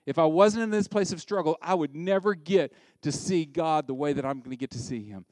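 A middle-aged American man preaches with an animated, conversational delivery. He often slips into acted-out voices. His voice sits somewhat high, and the sound is close and dry with no room echo. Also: fairly quick. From United States. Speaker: pastor. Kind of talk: sermon.

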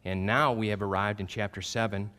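A man in his fifties, a pastor, preaching a sermon through animated, self-deprecating personal stories that get loud at the punchlines. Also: on the low side, a little fast. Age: 50s.

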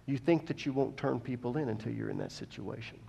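A male preacher delivering a sermon. He goes from quiet teaching to loud, impassioned preaching and asks the congregation questions. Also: medium pitch, quick pace, vocal fry, breathy edge.

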